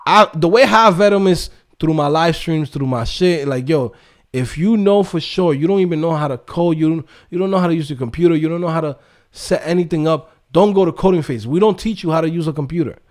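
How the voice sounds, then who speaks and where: A man's voice: on the high side, fairly quick. A man hosting a livestream, ranting profanely in casual talk about his coding courses and refund requests.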